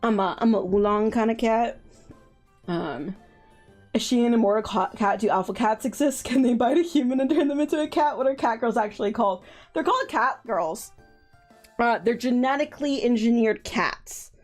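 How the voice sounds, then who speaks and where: A woman's voice: a little high, moderate pace, darkish tone, soft background music. A woman streaming a visual novel, chatting in a rambling, giggly way and swearing freely. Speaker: let's play streamer. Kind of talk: casual chat while streaming a game.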